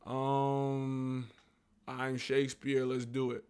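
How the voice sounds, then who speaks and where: A man's voice: medium pitch, completely flat delivery, a little mellow, clean tone. Slangy man reading and riffing live. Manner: slangy and profane, with frequent asides and restarts; reads text aloud haltingly, then riffs on it. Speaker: livestreamer. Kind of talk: casual livestream, reading aloud and commenting.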